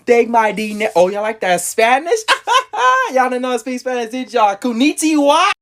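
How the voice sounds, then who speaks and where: A woman's voice: high voice, very animated, normal speed, fairly bright tone. A woman doing goofy, playful rambling bits.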